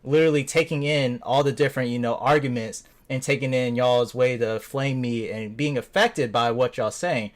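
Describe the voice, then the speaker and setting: A man's voice: medium pitch, steady tone, moderate pace, few pauses. A man with a mid-range voice talks through his feelings in a casual gaming chat. He rambles earnestly and leans on fillers like "like" and "you know.". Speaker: gamer in a voice chat. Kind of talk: casual chat, explaining himself.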